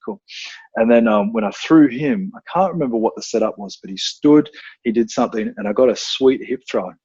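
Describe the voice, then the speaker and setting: A man talking as a podcast guest, blunt and profane, telling animated stories in casual conversation. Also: mid-range voice, fast talker, breathy edge, no echo, lo-fi sound. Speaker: podcast guest, combat instructor.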